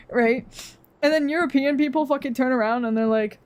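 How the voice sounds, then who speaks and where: Young woman, casual stream rant, profane and rambling, a touch high-pitched. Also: fairly quick. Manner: rambling, profane ranting with frequent laughs.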